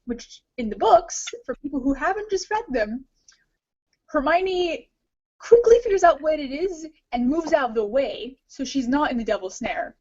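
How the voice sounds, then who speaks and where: A woman's voice: high-pitched, expressive, moderate pace, a little mellow. A woman co-hosting a podcast, talking casually and rambling with many fillers. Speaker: podcast co-host. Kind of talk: casual discussion. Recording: dull lo-fi audio.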